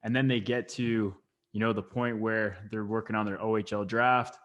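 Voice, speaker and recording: Flat-voiced podcast host. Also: male voice, fairly low pitch, moderate pace. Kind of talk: casual podcast chat.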